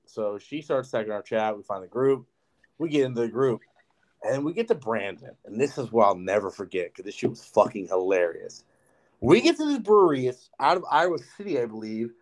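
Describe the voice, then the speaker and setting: A young man co-hosting a podcast, telling a story in casual, profane chat full of "like". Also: mid-range voice. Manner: animated, profane storytelling with lots of "like". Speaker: podcast co-host.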